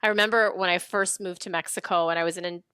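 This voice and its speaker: A woman host telling a story in a casual, animated way. Her voice is bright and crisp, recorded dry and close. She laughs often as she talks. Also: fairly low pitch, fast talker, dry recording. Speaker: podcast host. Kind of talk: casual chat.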